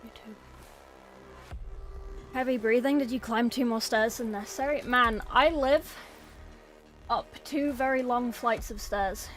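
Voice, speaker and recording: A woman's voice: fairly high pitch, a little slow, pauses often, a bit bright, faint music behind. A woman game streamer chatting casually and rambling to her viewers, swearing freely and thanking followers. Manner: talks to chat, thanks followers. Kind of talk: casual live-stream chat.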